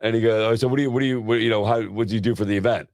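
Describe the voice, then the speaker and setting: Male podcast co-host, low voice, rapid-fire excitable storyteller, dry close mic. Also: no room sound. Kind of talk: casual chat.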